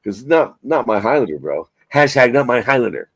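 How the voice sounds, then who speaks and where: A man's voice: mid-range voice, big pitch swings, a little fast, no room sound. A man hosting a casual live stream, rambling and swearing as he chats about movies. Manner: rambling, profane, self-mocking. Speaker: livestream host.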